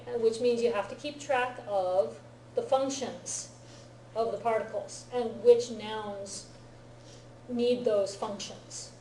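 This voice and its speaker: A woman's voice: on the high side, dark tone, slight background noise. A woman teaching a Japanese grammar lesson to a class, often checking understanding with "right?" and "okay?". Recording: roomy classroom echo.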